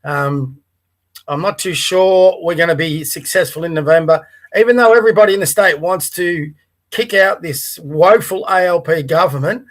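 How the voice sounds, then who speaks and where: A man's voice: on the high side, normal speed. A man hosting a conservative livestream podcast near the bay, chatting casually with many fillers and reading a Bible passage aloud. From Australia. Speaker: podcast host. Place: Melbourne, by the bay.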